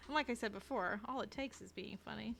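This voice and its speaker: A woman streamer chatting casually while she draws, rambling and self-deprecating, with lots of fillers and restarts and a habit of dropping to a low mutter as she works. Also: fast talker, vocal fry, a bit bright, a little hiss or hum. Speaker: streamer and artist. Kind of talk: casual live-stream chat while drawing.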